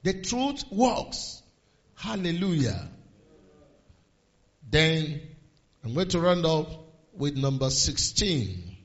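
A man preaching a sermon, swinging from low murmurs to raised exhortations and quoting scripture in old-fashioned phrasing. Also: very animated, takes it slowly, long pauses, a bit bright, highs cut off. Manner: quotes scripture in King James phrasing.

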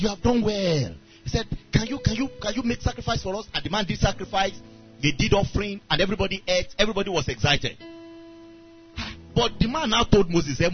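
Animated preacher, high voice. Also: male voice, brisk. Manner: animated storytelling, voicing characters. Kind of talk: sermon. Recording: dull lo-fi sound with faint music.

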